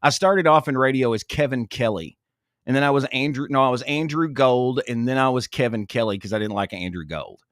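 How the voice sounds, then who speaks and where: A man's voice: mid-range voice, brisk, a bit bright, dry recording. Easygoing radio DJ man, dry sound. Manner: easygoing, talkative, laughs readily. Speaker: radio DJ and podcast host. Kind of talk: casual chat.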